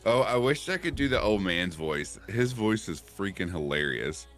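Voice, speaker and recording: A man's voice: low voice, big pitch swings, moderate pace, fairly bright tone, soft background music. A man chatting as a stream guest, jokey and laughing often. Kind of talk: casual chat.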